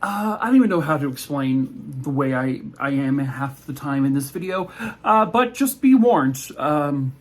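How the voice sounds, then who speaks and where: A man's voice: a little high, lively intonation, normal speed. A man who makes true crime videos, talking in a joking, irreverent way, with swearing and asides. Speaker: true crime TikTok creator. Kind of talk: casual chat and comedic history narration.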